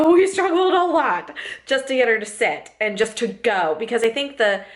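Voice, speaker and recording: A young woman vlogging in casual chat, chatty, laughing often and putting on voices when she quotes people. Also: mid-range voice.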